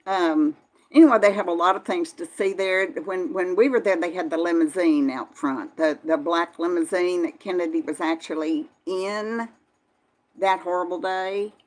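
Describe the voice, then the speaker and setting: A woman's voice: lowish voice, moderate pace, a little mellow. An older woman, chatting casually on a live stream and answering viewers by name in a folksy way. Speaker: vlog host reading live chat.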